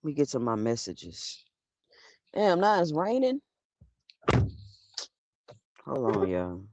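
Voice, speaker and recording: A woman's voice: rumbling low, huge pitch swings, takes it slowly, a little mellow. A woman hosting a live stream who talks bluntly and argues straight at her chat. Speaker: livestream host. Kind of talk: live commentary talking to chat.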